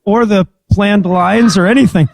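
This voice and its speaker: A man with a fairly high voice recaps a movie's scenes for a comedy podcast, chuckling as he goes. The sound is close and dry, with no room around it. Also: moderate pace, vocal fry, a little mellow, dry recording. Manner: recaps scenes, laughing often. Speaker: podcast co-host.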